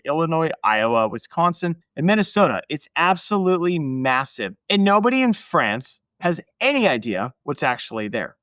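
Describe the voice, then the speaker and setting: A man's voice: mid-range voice, a bit bright, no echo. A man hosting a podcast, narrating history in a casual, emphatic way with asides to his listeners. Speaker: podcast host.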